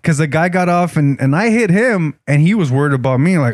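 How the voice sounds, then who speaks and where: A man's voice: fairly high pitch, expressive, fairly quick, no room sound, clean studio sound. A man telling stories in casual, profane chat, slipping into Spanish. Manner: profane, laid-back, switches into Spanish. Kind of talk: casual storytelling.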